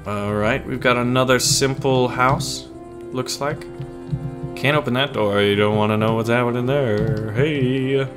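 A man with a slightly scratchy, mid-pitched voice gives loose, joking let's-play commentary. He riffs casually and throws in silly asides. Faint game music sits low underneath. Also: fairly even intonation, measured pace. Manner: playful, jokey, casual. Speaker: gaming channel host.

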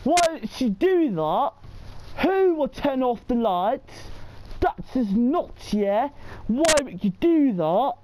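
Woman yelling and complaining at a game, high voice, drawn-out slow words, noisy recording w clicks. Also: sing-song. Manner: exclaiming and complaining, tags questions onto sentences. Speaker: gamer. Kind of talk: horror game commentary.

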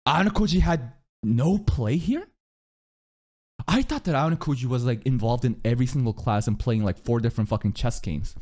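A young man streaming an anime reaction, excitable and profane, cheering, shouting and laughing at the screen between calmer remarks. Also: mid-range voice, moderate pace. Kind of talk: live anime reaction commentary.

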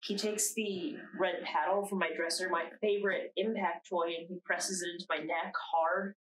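A young woman acting a shaken narrator in a dramatic monologue, speaking slowly and haltingly with long pauses. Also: on the low side, fairly even intonation, a bit bright, lightly acted. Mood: haunted. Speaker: narrator recounting her own ordeal. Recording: distant mic with faint noise.

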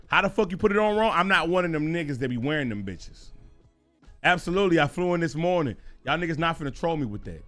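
Excitable high-voiced man telling stories. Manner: animated, profane, excitable storytelling. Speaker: streamer. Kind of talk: casual livestream story time.

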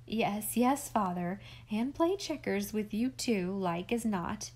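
A woman's voice: medium pitch, lively intonation, slow pace, darkish tone. A woman voicing a motherly older farm woman, teasing and no-nonsense, in an audiobook. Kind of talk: audiobook character reading.

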